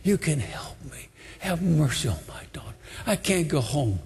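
A man voicing a desperate, humble mother who pleads in a soft, hushed voice. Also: on the high side, sing-song, moderate pace, husky, exaggerated voice. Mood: pleading.

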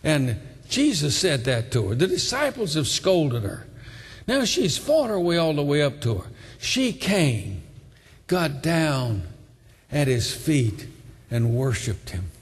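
Husky high-voiced male preacher. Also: sing-song, slow, in a large hall. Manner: emphatic, repetitive, exhorting. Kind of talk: sermon.

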